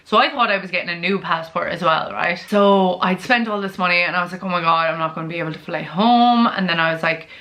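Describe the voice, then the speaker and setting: A woman's voice: fairly low pitch, fast talker, few pauses, pushed and bright. A young Irish woman telling a casual storytime to camera, chatty and full of fillers, acting out her own panicked quotes. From Ireland. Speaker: vlogger.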